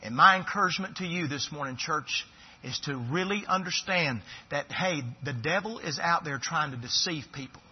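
Male pastor, high breathy voice, pleading then hushed; lo-fi, roomy church recording. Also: normal speed. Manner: swings from loud pleading to hushed earnest speech. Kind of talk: sermon. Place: church sanctuary. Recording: echoey church hall, dull lo-fi sound.

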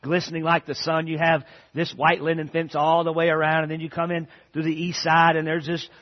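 A man preaching a sermon, his voice sitting a little high for a man. He keeps asking the congregation questions and then answers them himself. The recording is dull and lo-fi. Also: completely flat delivery, a little fast. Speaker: pastor. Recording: dull lo-fi audio.

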